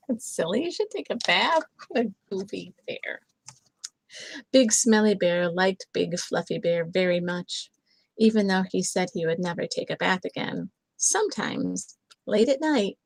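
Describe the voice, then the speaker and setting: An older woman reading a picture book aloud to her grandchildren, gentle and chatty, with lots of little asides. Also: medium pitch, no echo, poor audio.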